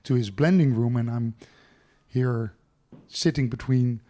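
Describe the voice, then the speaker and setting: A man's voice: mid-range voice, unhurried, warm tone. A Dutch man hosting a podcast interview in English, enthusiastic, his phrasing full of fillers. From Netherlands. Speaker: podcast host.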